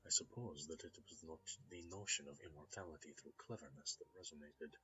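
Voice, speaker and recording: A man voicing a cultured, polite Russian rigger, speaking softly, courteously and in a measured way. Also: rumbling low, background noise. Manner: soft-spoken, measured and courteous. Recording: slightly dull lo-fi recording.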